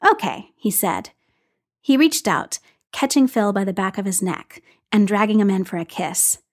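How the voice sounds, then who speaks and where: A woman reading a story aloud in an even, unhurried storytelling voice. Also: medium pitch. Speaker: story reader. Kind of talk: reading fan fiction aloud.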